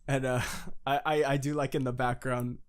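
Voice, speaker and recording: A young man co-hosting a casual fan podcast, excitable, laughing often and swearing as he recaps. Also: mid-range voice, normal speed, smooth. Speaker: podcast co-host.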